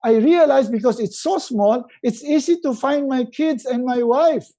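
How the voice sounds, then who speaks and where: A middle-aged resiliency coach gives a live motivational webinar talk, animated and acting out little quoted scenes. He has a very high voice and speaks at a moderate pace.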